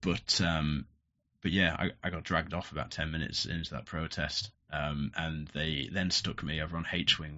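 Young guy, bright tense voice, rambling podcast storyteller, slightly dull recording. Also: extremely low pitch. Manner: rambling, laughs often, frequent restarts. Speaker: podcast guest. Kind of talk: casual storytelling. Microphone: headphones with podcast mic.

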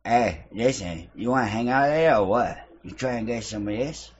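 Over lo-fi video-chat audio, a prank-stream host provokes strangers with crude, mocking taunts in casual conversation. His mid-range voice is husky and animated, moving at a moderate pace.

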